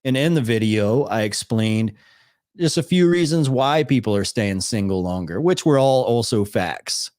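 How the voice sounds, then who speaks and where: A man hosts a live stream, reacting to videos and talking to his chat with blunt sarcasm and casual swearing. His mid-range voice is expressive and darkish, delivered at normal speed.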